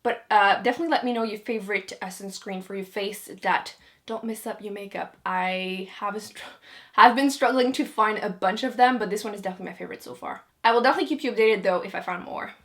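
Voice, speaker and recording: A young woman chatting casually to camera about her monthly favorites, giggling often and filling pauses with "uh" and "like". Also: medium pitch. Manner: chatty, giggly, many fillers. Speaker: beauty vlogger.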